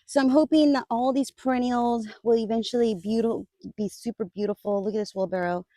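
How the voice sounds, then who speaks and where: A woman's voice: a little high, steady tone, fairly quick, warm tone, no echo, clean studio sound. A woman casually touring her garden for viewers, chatty and upbeat, often calling out to "you guys" and laughing as she talks. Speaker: garden vlogger. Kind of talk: casual garden tour vlog. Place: outdoors in a garden.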